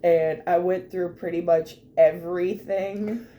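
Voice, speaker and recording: A woman co-hosting a podcast, animatedly recapping a tabletop game, laughing often and swearing casually, her voice a little hoarse from laughter. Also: fairly low pitch, steady tone, a little slow, warm tone, slight background noise.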